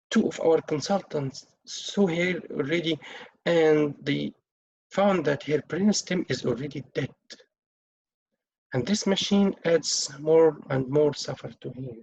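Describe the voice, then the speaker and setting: A man's voice: fairly high pitch, a little slow, creaky, darkish tone, husky. A man teaching doctors how to break bad news, acting out the doctor and the relatives as he goes. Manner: acts out doctor and relative lines in a teaching session. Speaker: medical exam tutor. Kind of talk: teaching communication skills with role-play. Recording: dull lo-fi recording.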